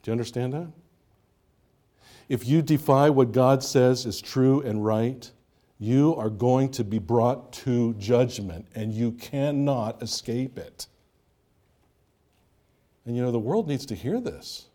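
A man's voice: medium pitch, slow, pauses often, warm tone. A male pastor preaching a sermon, emphatic, with rhetorical questions and swings in intensity.

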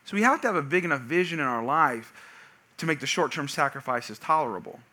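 A man preaching to his congregation with a high, piercing, very bright voice. He tells stories in a lively, animated way and breaks into loud shouted lines for comic effect. He sounds like a young father in his thirties. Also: fast. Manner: energetic storytelling, shouting punchlines. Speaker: pastor. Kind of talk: sermon.

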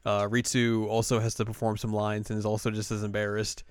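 A male podcast host recaps an episode casually and ramblingly, laughing often and using lots of fillers. His voice is lowish, monotone, clear and resonant, delivered a little fast with no echo.

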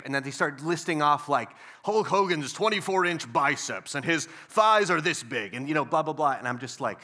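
A man preaching a sermon, telling a story casually and then building to loud, emphatic preaching. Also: on the high side, lively intonation, normal speed. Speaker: pastor.

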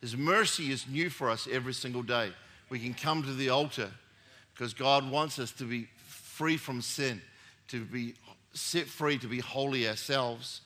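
Middle-aged male pastor, bright forceful tone, chatty storytelling sermon with emphatic bursts. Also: mid-range voice, normal speed. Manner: conversational storytelling with rising emphatic peaks.

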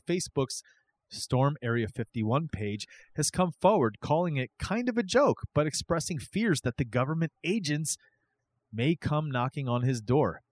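A man co-hosting a casual podcast, reading news items aloud and breaking in with excited asides. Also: fairly high pitch. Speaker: podcast co-host.

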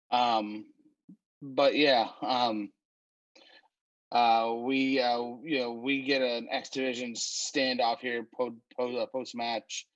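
A man co-hosting a podcast, casually recapping a wrestling show in an unhurried way, with frequent fillers and restarts. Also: medium pitch, steady tone, dry recording, muffled recording.

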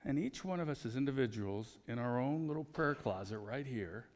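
A man preaching a conversational sermon as pastor, telling personal stories in an animated way. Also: mid-range voice, normal speed, in a large hall.

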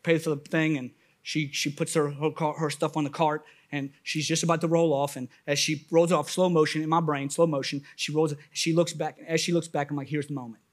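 A man preaching a sermon as a pastor, telling a personal story in an animated way that swings from hushed to loud. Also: a little high, fairly quick, few pauses.

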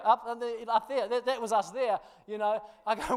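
A man preaching, telling a funny personal story with laughter before turning to a quieter sermon. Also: very high voice, normal speed, few pauses, slight background noise. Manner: animated storyteller, laughs through the tale, drops quiet for scripture. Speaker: pastor.

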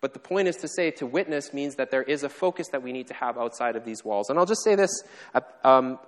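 A man preaching a sermon at an ordinary mid-range pitch, his voice carrying a long reverb through a church hall. He explains things in a relaxed, conversational way and makes light of himself along the way. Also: fast. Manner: conversational and self-deprecating, with playful asides. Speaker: pastor.

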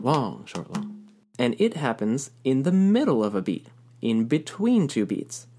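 A man's voice: mid-range voice, a little mellow. A man teaching a recorded music lesson, explaining rhythm patiently and counting beats aloud.

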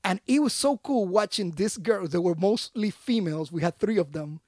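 A man, a podcast guest and army veteran, telling stories in a casual, slangy, animated way in a studio. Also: high voice, normal speed, dry recording. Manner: animated, slangy, acts out other voices. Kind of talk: casual storytelling.

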